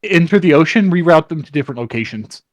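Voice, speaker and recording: High-pitched guy playing d&d, swears a lot, rambles. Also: animated, fast, dull audio. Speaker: player. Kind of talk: casual tabletop play.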